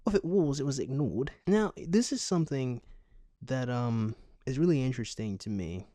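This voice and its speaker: A man with a dark, mellow voice reads a news article aloud in a close, dry recording. He keeps stopping to add sarcastic, deadpan jokes of his own. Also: medium pitch, normal speed, no room sound. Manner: sarcastic, deadpan asides between read passages. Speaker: commentary YouTuber. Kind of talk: reading a news article aloud with comic commentary.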